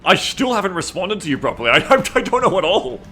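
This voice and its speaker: A man's voice: high voice, big pitch swings, fast, bright, forceful tone. A man streaming a strategy game, chatting casually with viewers and reading their messages aloud in a playful, teasing way, laughing often.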